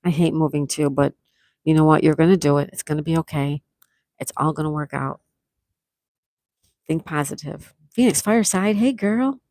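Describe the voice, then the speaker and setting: A woman's voice: sits low, moderate pace, long pauses, a little mellow, no echo, poor audio. A retired woman in her sixties hosting a casual livestream, reading viewers' comments aloud and chatting back. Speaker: livestream host.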